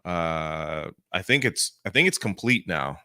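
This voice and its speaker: A man's voice: low voice, lively intonation, unhurried, bright, forceful tone, clear, resonant tone, dry recording, clean studio sound. A man co-hosting a casual veterans' podcast who tells stories in a profane, ranting way. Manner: profane storytelling with ranting asides. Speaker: podcast co-host. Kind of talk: casual chat.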